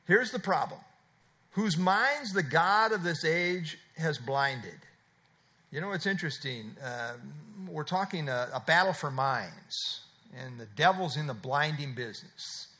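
A man's voice: fairly high pitch, animated, measured pace, sharp tone. A man preaching a sermon, explaining scripture verse by verse with repeated emphatic phrases and frequent uh fillers. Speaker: pastor.

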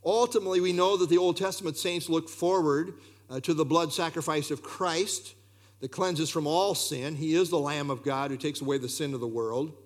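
A man preaching a sermon, expressive and full of rhetorical questions, with occasional fillers. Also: on the high side, moderate pace.

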